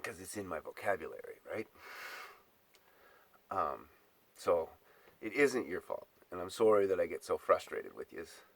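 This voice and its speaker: Man, low voice. Profane, exasperated rant straight to camera, dry close sound. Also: very animated, unhurried, creaky, long pauses, no room sound. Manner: exasperated, swearing, mocking. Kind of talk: profane ranting monologue.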